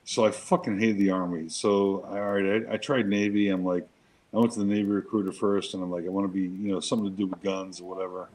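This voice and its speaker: Brief: male co-host, ex-Marine, deep-ish voice, swears constantly, rambling chatty storyteller. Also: flat delivery, quick pace, darkish tone, poor audio. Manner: profane, emphatic, rambling with restarts. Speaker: show co-host, Marine veteran. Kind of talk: casual chat, storytelling.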